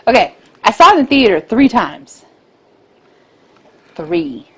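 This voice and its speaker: Excitable woman co-hosting a casual podcast. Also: medium pitch, takes it slowly, long pauses, husky. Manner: excitable, gushing about favorite movies. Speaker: podcast co-host. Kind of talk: casual chat.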